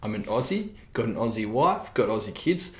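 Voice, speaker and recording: A man from New Zealand, a podcast guest, telling his story in a relaxed, conversational way. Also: fairly low pitch, normal speed, reverberant. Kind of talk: casual conversational interview.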